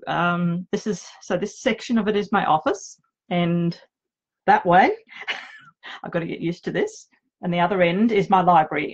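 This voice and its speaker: Speaking with a fairly low, slightly rough voice, a middle-aged woman with an Australian accent chats on a casual live video from her home office. She's an author, nervous and self-deprecating as she talks. The audio is lo-fi.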